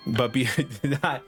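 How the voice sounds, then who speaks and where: A young man streaming a game, joking, laughing and swearing in casual, rambling commentary. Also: medium pitch.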